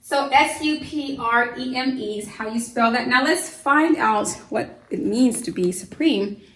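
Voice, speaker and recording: A woman's voice: fairly high pitch, a little slow, fairly bright tone, a little hiss or hum. A woman teaching a vocabulary lesson to children, patient and encouraging, spelling words out letter by letter with frequent fillers. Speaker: homeschool teacher. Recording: echoey room.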